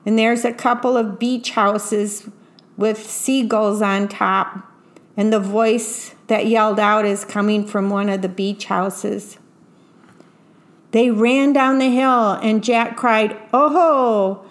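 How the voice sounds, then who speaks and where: Slow, gentle woman reading a storybook. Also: mid-range voice, steady tone. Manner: gentle, unhurried, pointing out pictures. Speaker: storyteller reading a picture book aloud. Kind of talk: read-aloud storytelling with picture commentary.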